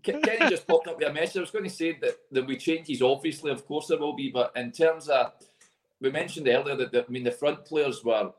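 A man's voice: fairly high pitch, brisk. Scottish man in a roomy echo. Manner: thoughtful, asks questions, hesitant. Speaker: podcast co-host. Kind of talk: casual football chat.

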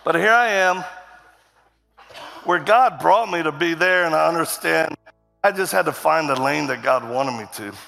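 A man preaches his testimony in a church auditorium, with a slightly high, gravelly voice and a bright, forceful edge. He tells his story vividly and acts out what people said. A long reverb from the hall trails after his words. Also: normal speed, pauses often, soft background music. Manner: vivid storytelling, acting out quotes. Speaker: guest preacher. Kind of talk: testimony sermon.

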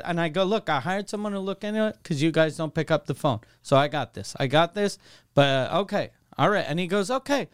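Canadian podcast co-host, man, swears a lot, animated storyteller, dry close sound. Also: a little high, a little fast, smooth, no room sound. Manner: profane, animated storytelling, acts out quoted calls. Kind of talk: casual chat, storytelling.

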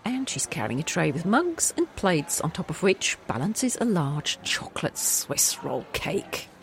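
A woman's voice: on the low side, big pitch swings, a little slow, a little hiss or hum. A woman narrating an improvised comic story, playful and giggly. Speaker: storyteller and co-host.

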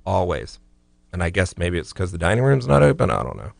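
A man co-hosting a casual talk show, venting about traffic and letting his sentences fade off quietly. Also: sits low, sing-song, fairly quick, gravelly, no room sound. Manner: ranting, trails off quietly at ends. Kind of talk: casual radio chat.

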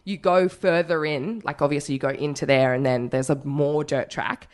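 A woman, casually telling animated, swear-laden stories in a chat. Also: deep voice, moderate pace. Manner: animated storyteller, swears freely.

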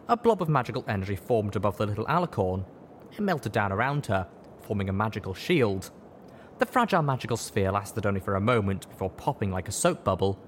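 A man narrating a fan fiction story as an audiobook reading, in a steady, expressive storytelling manner. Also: fairly low pitch, a little hiss or hum.

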